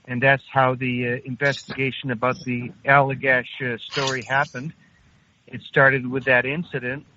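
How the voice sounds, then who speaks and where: A man in his sixties, an interview guest, slowly recounting a personal story with many hesitations. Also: medium pitch, level tone, sharp tone, a little hiss or hum. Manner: halting, unhurried, frequent hesitations. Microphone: phone call. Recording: tinny phone line.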